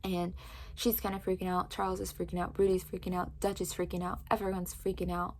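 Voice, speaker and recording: A woman recapping a book's plot in casual chat, telling it with lively energy and many fillers like "like". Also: lowish voice, brisk, a little hiss or hum. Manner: animated storytelling with frequent "like". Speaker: book reviewer.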